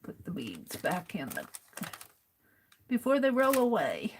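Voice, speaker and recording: A woman's voice: medium pitch, wildly swooping pitch, unhurried, slight background noise. An American woman hosting a craft livestream, chatting casually and muttering to herself as she sorts through supplies.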